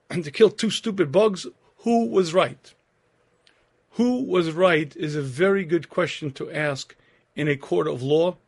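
Man, 50s, Torah lecturer, earnest storyteller, slightly high voice, frequent throat-clearing.

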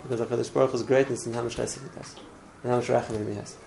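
Gravelly-voiced man teaching a religious class. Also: mid-range voice, steady tone, very fast, a little mellow, a little hiss or hum, low-quality recording. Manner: earnest, repeats words, restarts phrases. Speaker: Torah teacher.

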